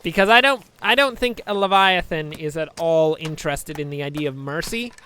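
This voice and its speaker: A man's voice: on the high side, moderate pace, pushed and bright, a little hiss or hum. A man giving rambling, joking let's-play commentary, chatting to viewers with self-deprecating asides. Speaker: gameplay commentator.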